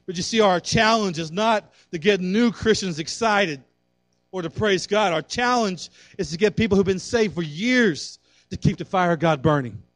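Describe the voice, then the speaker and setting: A man preaching a fervent sermon as pastor, building to loud calls for prayer. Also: high-pitched, moderate pace, dry recording.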